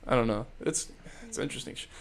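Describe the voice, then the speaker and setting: A man's voice: medium pitch, very animated, fast. A young man hosting a podcast, chatting casually and rambling with many fillers. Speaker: podcast host. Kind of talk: casual chat.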